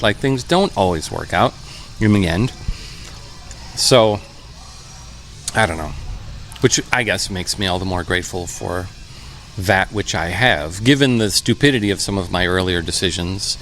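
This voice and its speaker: A man in his fifties, a musician guest, talking in a relaxed, reflective way with many pauses and fillers, in a brewpub. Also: lowish voice. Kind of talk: relaxed conversational interview. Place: brewpub restaurant.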